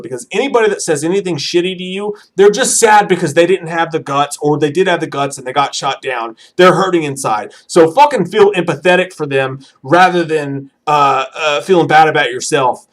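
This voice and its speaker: A man's voice: fairly high pitch, fairly quick, hardly any pauses. A man co-hosting a movie livestream, talking in a rambling, impassioned way, swearing often and then apologizing. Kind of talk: profane livestream chat.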